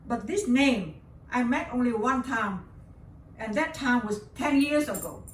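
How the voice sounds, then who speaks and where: A woman's voice: fairly high pitch, expressive, unhurried. Older vietnamese-accented lady, emotional storytelling, repeats herself, faint hiss behind. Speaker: interview guest. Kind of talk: personal storytelling interview. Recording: roomy and distant with faint background hiss.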